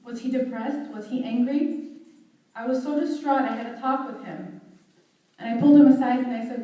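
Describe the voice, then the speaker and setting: Young adult woman, earnest eulogy, high and warm-toned, heard from a distance in a very echoey hall. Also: steady tone. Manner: earnest, heartfelt, measured. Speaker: daughter giving a eulogy. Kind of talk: read memorial eulogy. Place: memorial service hall.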